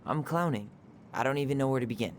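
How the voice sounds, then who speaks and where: A man's voice: mid-range voice, fast talker, a crowd in the background, natural voice. An actor voicing a wry, sarcastic young man in a video game, with a dry joking delivery. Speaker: game character. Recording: game audio with clear music behind.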